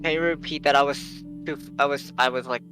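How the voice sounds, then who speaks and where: A man taking part as a player in a tabletop game, speaking hesitantly and haltingly. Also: a little high, fairly even intonation, sharp tone, soft background music. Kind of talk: casual tabletop game chat.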